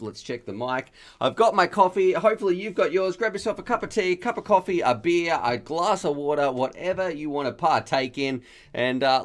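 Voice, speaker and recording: An Australian man hosting a casual live stream, chatty and upbeat as he thinks aloud. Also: on the high side.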